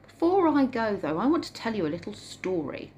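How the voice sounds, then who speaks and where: Animated woman vlogger telling a story. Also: mid-range voice, a little fast, a little hiss or hum. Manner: lively, acts out scenes. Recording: roomy room with faint ambience.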